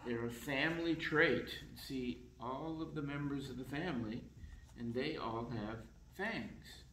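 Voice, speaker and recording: Slow, expressive man reading a picture book. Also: medium pitch, echoey room, a little hiss or hum, low-quality recording. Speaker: storyteller reading a children's book. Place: council chambers.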